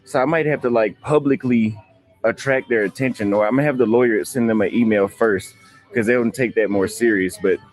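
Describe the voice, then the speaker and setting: A man's voice: medium pitch, brisk, soft background music. A man narrating his day in a casual travel vlog, in a conversational, matter-of-fact manner. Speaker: travel vlogger.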